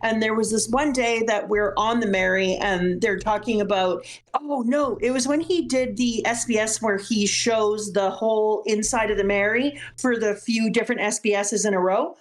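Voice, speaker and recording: A middle-aged woman casually chatting, telling a story with lively acted-out quotes. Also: medium pitch, moderate pace, hardly any pauses. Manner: animated storytelling, acts out quotes. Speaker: guest reader, mother. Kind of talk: casual chat.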